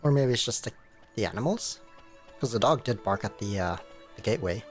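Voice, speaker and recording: A man's voice: lowish voice, animated, brisk, soft background music. A man thinking aloud with fillers as he plays through a game for the first time. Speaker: let's play host. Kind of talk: gameplay commentary.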